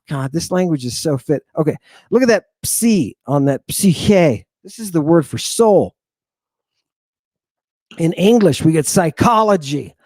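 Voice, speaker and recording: Playful, animated male language teacher. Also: sits high, no room sound. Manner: playful, theatrical, drills pronunciations by repeating them. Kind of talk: informal online lesson.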